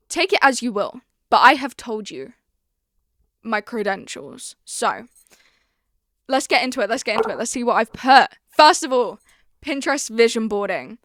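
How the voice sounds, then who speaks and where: A young woman hosts her own podcast in a loose, confiding chat, dramatizing her stories as she tells them. Her voice sits a little high. The sound is dry and close, with no room around it. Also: sing-song, normal speed, fairly bright tone, dry recording. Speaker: podcast host. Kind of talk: casual chat.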